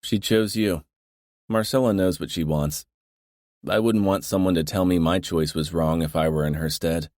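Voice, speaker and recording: A man's voice: low-pitched, steady tone, normal speed, a little mellow, no room sound, studio quality, lightly acted. A man voicing a proud, serious young mafia heir who speaks earnestly and a bit indignantly. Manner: earnest, indignant, matter-of-fact.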